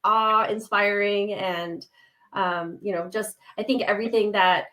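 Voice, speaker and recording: A woman hosting a live interview, reading out questions and comments and pausing often with fillers. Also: medium pitch, steady tone, a bit bright. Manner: appreciative, with many fillers. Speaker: host.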